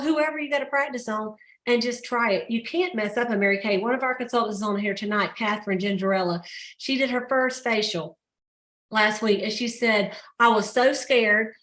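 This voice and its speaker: A woman leads a team call in a casual pep-talk style, chatty and full of stories. Her voice sits a little high, and she laughs often as she talks. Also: normal speed, fairly bright tone. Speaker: team leader hosting a sales call.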